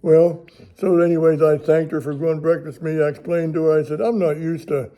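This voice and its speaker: A man's voice: on the high side, fairly even intonation, a little fast, warm tone. Folksy older man telling a story. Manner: rambling, chuckling, folksy grammar. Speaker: ministry TV host. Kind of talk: casual storytelling.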